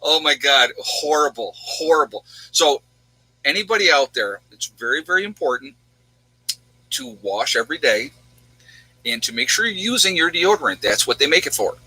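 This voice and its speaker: Male livestream host, chatty and rambling, piercingly bright tone, dead-dry recording. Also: a little high, animated, normal speed, breathy edge, no room sound, rough recording. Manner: rambling, chatty, answers viewers' questions. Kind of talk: casual livestream chat.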